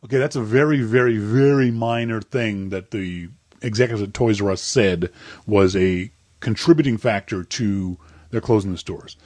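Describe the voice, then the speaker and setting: A man's voice: on the low side, normal speed, darkish tone, no echo. A man co-hosting a casual comedic podcast, blunt and profane, ranting grumpily. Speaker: podcast co-host.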